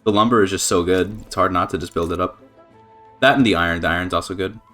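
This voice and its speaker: Excitable young man rambling over gameplay. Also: sits low, fast talker, soft background music. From Canada. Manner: rambling, excitable, swears and laughs often. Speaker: strategy game streamer. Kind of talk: casual gameplay commentary.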